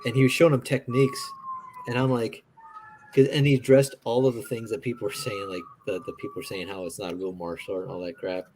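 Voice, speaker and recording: A man's voice: medium pitch, fairly even intonation, fast talker, a little mellow, a little hiss or hum. Rambling, laughing man telling a story. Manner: rambling, laughing, many fillers. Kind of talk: casual chat, storytelling.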